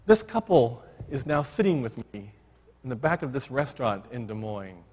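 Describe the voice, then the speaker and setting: A man's voice: medium pitch, sing-song, moderate pace, darkish tone, a little hiss or hum. A man giving a keynote address, telling a story animatedly and acting out the dialogue. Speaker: keynote speaker. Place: large assembly hall. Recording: long hall reverb.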